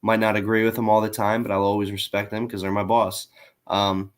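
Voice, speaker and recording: A man's voice: lowish voice, flat delivery, a little fast. A man who is a military veteran, speaking as a podcast guest in an earnest, reflective way with frequent ums. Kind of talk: casual chat.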